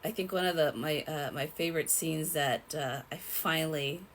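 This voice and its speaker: A young woman telling a personal story in a rambling, halting way, with many fillers and restarts. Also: deep voice, a little hiss or hum, rough recording. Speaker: vlogger.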